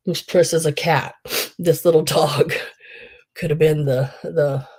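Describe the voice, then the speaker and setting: A woman's voice: sits low, warm tone, slightly rough. A woman hosting a live online sale, chatting in a rambling way with lots of fillers. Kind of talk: casual live-sale chat.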